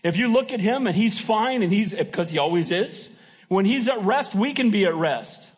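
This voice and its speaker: A man's voice: sits high, animated, moderate pace, slightly rough. A man preaching a sermon as pastor, emphatic and folksy, often asking his congregation "Amen?". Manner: folksy and joking.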